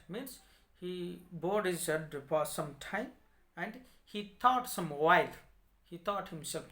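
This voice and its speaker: A man's voice: a little high, fairly bright tone. A man with an Indian English accent, a teacher who reads lines from a story and then repeats and explains them in simple words. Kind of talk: explaining a story text line by line. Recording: echoey room.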